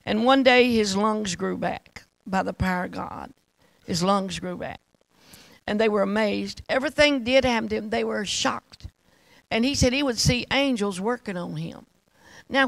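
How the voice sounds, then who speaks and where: A woman's voice: mid-range voice, normal speed, gravelly, dry recording, rough recording. A woman preacher telling a testimony in a rambling, fervent sermon that repeats itself.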